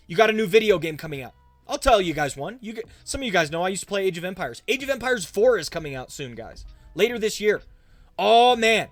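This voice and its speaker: A man's voice: sits high, a bit bright, dry recording. A young man, a pastor, talking casually on a livestream and answering viewers' chat questions as he goes. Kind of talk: livestream Q&A talk.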